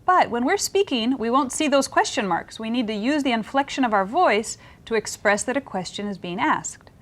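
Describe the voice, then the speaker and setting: A woman's voice: fairly high pitch, lively intonation, moderate pace. A woman co-teaching a Spanish lesson on a television program, explaining grammar and guiding her partner with questions. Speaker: Spanish instructor. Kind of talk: classroom lesson dialogue.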